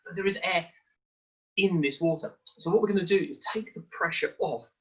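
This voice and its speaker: A man presenting a live online science demonstration for children, explaining each step in a lively, hands-on way. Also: high voice, brisk, breathy edge, dull audio.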